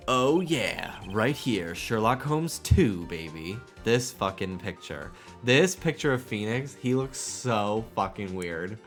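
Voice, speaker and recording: A man's voice: on the low side, lively intonation, slow pace, hardly any pauses, fairly bright tone, faint music behind. A man streaming a video game, joking and swearing in casual, rambling commentary.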